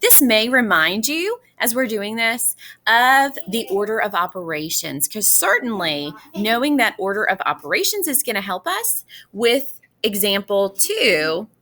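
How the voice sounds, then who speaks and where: Bright, lively woman teacher. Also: mid-range voice, a little slow. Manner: patient, encouraging, addresses students as boys and girls. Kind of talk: classroom math lesson walkthrough.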